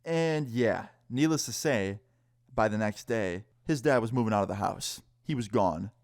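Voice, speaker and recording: A man's voice: fairly low pitch, normal speed, no echo, clean studio sound. Young man telling a swearing storytime. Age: young adult. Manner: animated, swearing, acts out quoted people. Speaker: storyteller vlogger. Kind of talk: casual storytime.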